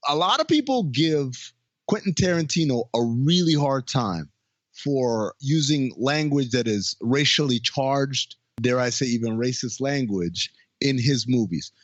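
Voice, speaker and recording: A man co-hosts a film podcast with a lively, swooping voice, cracking jokes and laughing often. The recording is close and dry, with a slightly muffled tone. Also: medium pitch, unhurried, dry recording. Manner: joking, expressive, laughs often. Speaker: podcast co-host. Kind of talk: casual film review chat.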